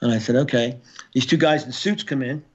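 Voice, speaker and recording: Older male guest, former Marine, gritty and profane storyteller, restarts often, average pitch, slightly dull lo-fi audio. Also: fairly quick, a little mellow. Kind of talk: storytelling in a podcast interview.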